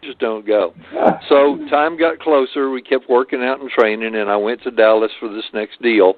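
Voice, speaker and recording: An older man tells long stories as an interview guest, often pausing and restarting his sentences. His voice sits in a middle register. The sound is thin and boxy, like a telephone line. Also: mid-range voice, level tone, no room sound. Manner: rambling, many hesitations and restarts. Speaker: martial arts guest. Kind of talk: storytelling interview. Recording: phone-like lo-fi line.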